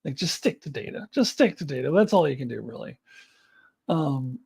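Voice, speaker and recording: Giggly woman with lively pitch. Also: moderate pace, gravelly, breathy edge. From United States. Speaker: live-stream host. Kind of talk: casual live chat, reading comments.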